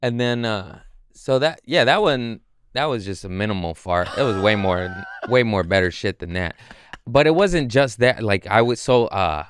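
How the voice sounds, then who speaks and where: A young man guesting on a podcast, telling rambling, excitable stories with crude humor in casual chat. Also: lowish voice, moderate pace, a little hiss or hum.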